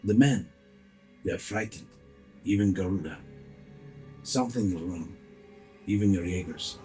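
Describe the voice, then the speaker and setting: A man taking part as a player in a tabletop game, speaking quietly and earnestly in character. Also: deep voice, a little slow, breathy edge, faint music behind, rough recording. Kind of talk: tabletop role-play.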